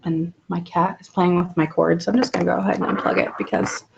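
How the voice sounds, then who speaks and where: A woman's voice: lowish voice, little pitch movement, fast, vocal fry, highs cut off, background noise. A woman hosting a weekly live video hangout from home at night, chatting in an upbeat way with many ums. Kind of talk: casual live webcam talk. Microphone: laptop webcam mic.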